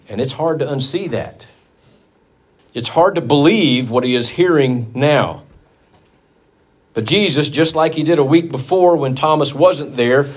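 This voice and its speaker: A man preaching a sermon in a church, telling a Bible story earnestly and leaning hard on key words. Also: medium pitch. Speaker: pastor.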